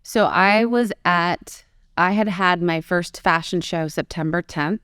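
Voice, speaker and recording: A woman's voice: fairly low pitch, measured pace, fairly bright tone, smooth, dry recording, clean studio sound. A woman in her forties, a fashion designer being interviewed, telling her story in a candid, conversational way.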